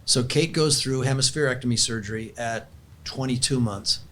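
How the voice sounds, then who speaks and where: A man's voice: medium pitch, moderate pace, fairly bright tone. Earnest older man telling a story. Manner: earnest, heartfelt. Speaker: podcast guest. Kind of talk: conversational storytelling and prayer.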